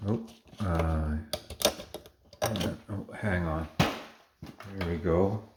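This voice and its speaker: A man's voice: sits low, drawn-out words, heavy background noise. A man casually showing off his collection, enthusiastic and rambling, with lots of fillers and little self-corrections. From Canada. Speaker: collector showing model cars. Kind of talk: casual show-and-tell.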